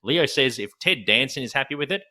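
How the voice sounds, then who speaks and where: A man's voice: medium pitch, animated, brisk, pushed and bright. A man co-hosting a podcast, recapping a TV episode scene by scene in casual chat and laughing often. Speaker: podcast co-host.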